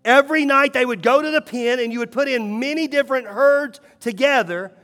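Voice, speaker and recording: Man, pastor, sermon, high voice, hushed to emphatic, long church reverb. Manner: swings between hushed, slow moments and rising, emphatic calls.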